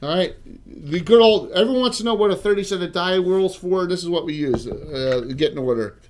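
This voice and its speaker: A man's voice: high-pitched, fairly quick, a little mellow, slight background noise. A man with a South Jersey accent, hosting a livestream as game master and handing out prizes in a loose, joking way. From South Jersey, USA. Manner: loose and joking, with frequent restarts. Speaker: game master and show host.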